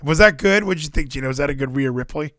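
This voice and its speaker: A man co-hosting a casual chat, talking in excitable rants. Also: a little high, dry recording, studio quality. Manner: excitable, quick rants with laughs. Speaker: podcast co-host.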